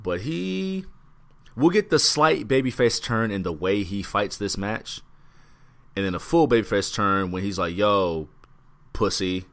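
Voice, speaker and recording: This is a man co-hosting a podcast, chatting about wrestling in a loose, profane way. His voice sits low, but it swings up and down a lot. He takes his time with every sentence. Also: expressive, creaky. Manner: laid-back, profane, drawn-out recaps. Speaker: podcast co-host. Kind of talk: casual wrestling chat.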